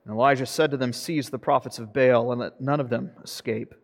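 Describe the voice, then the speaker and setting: A man's voice: mid-range voice, steady tone, brisk. A man, a pastor, reading scripture aloud during a sermon, earnest and emphatic, swelling dramatically on quoted speech. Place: church sanctuary. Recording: long church reverb.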